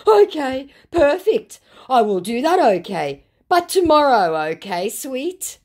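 A woman doing a high, sing-song fake celebrity guy, overeager and smarmy. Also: big pitch swings, slow, darkish tone, exaggerated voice. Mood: wheedling. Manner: overeager, wheedling. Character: smarmy male celebrity impersonator scammer.

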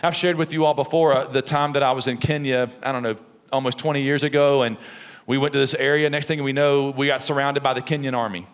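A middle-aged pastor preaching a sermon in a conversational, storytelling way, with frequent "right?" asides. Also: male voice, mid-range voice, steady tone, fast, clear, resonant tone. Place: church sanctuary. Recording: long reverb of a church hall.

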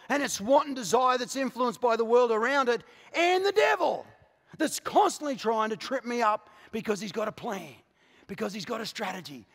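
A man with an Australian accent preaching a passionate sermon as a pastor, moving from quiet, intimate asides to shouted declarations. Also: very high-pitched, vocal fry. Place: large church auditorium. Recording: live church recording with long hall reverb.

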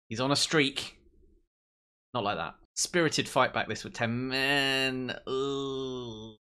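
Excitable man commentating a game. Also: mid-range voice. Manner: excitable, swears and mocks players. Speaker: let's play host.

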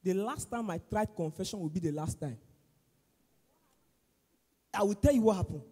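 A man with a Nigerian accent doing loud, animated stand-up comedy at a church service, acting out his exchanges with a pastor. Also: high-pitched, moderate pace, pauses often, breathy edge. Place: large church auditorium. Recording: echoey hall with long reverb.

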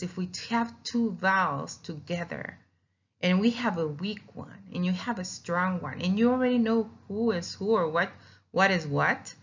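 A woman's voice: lowish voice, fairly bright tone. A woman teaching a lesson on Spanish vowels, explaining patiently and sounding out each vowel, with Spanish as her first language. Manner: explanatory, repeats words, demonstrates vowel sounds. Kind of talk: recorded classroom lesson. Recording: dull lo-fi recording.

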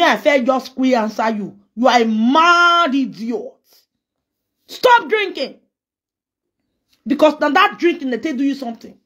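A Nigerian woman on a furious scolding tirade. Her voice sits high and carries a husky edge. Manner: heated, scolding, trading insults. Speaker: social media personality. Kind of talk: angry response rant.

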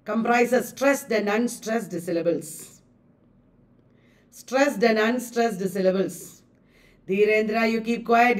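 A woman with an Indian English accent teaching a live online class, lively, laughing often and repeating words with exaggerated stress. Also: a little high, far from the mic. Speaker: online exam-prep teacher.

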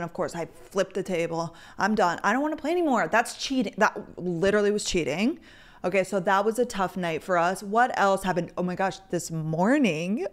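A young woman hosting a podcast, chatting casually into a microphone and telling stories with lots of "like" fillers. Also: on the low side. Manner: chatty storyteller, heavy use of "like". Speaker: podcast host. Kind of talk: casual chat.

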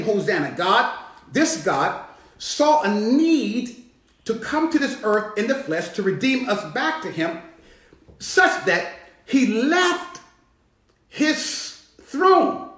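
A man preaching a sermon as a bishop, building to shouts and calling on the congregation to answer. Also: very high voice, reverberant, rough recording. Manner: rising, shouting preaching with call-and-response. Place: church sanctuary.

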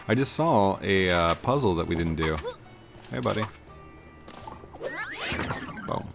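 A man's voice: fairly low pitch, lively intonation, takes it slowly, gravelly, pauses often. A man hosting a casual let's-play video, rambling and self-deprecating as he plays. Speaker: gaming video host. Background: game music.

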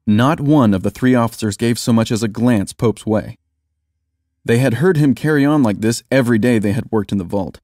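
A man reading a story aloud in steady, even scripted narration. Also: lowish voice, dry recording, studio quality.

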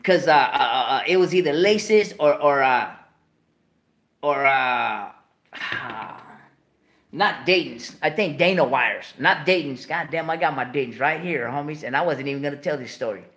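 La guy hosting, kinda high voice, swearing a lot telling a story. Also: a little slow. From South Central Los Angeles. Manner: profane, animated, slips into voices of people in his story. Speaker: host. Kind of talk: casual storytelling.

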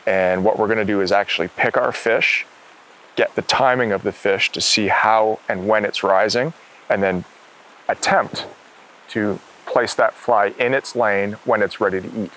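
A man's voice: on the low side, moderate pace, low-quality recording. A middle-aged man hosting an outdoor fishing show, talking with enthusiasm on a river. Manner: enthusiastic, excitable.

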